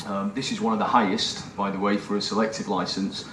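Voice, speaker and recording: A man co-presenting at a seminar explains fees in a measured, slightly hesitant way. His voice sits fairly low. He is picked up from a distance in an echoey room. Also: level tone, a bit bright, slight background noise. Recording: echoey room, mic far off.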